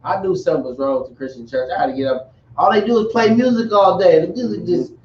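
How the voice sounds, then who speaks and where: A man's voice: sits high, fast, a little mellow, a little hiss or hum. A man giving a casual, rambling religious lesson with jokey asides. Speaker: religious teacher. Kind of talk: casual teaching talk. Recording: echoey dull recording from far off.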